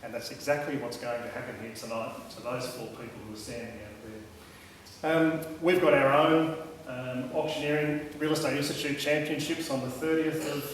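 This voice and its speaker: A man's voice: medium pitch, steady tone, moderate pace. An Australian man in his late thirties gives a chatty welcome speech, frank and a bit repetitive. He is heard from a distance in a very echoey hall with long reverb. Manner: chatty, frank, repeats himself. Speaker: real estate agent giving welcome speech. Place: large hall. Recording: echoey hall, distant mic, faint noise.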